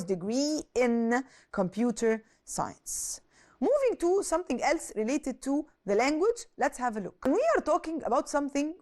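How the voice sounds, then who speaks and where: A woman explains an English lesson with a voice pitched a little high. Her pitch rises and falls in a very lively way. She poses questions and then answers them, adding quick Arabic translations. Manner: switches into Arabic to translate words. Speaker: English teacher.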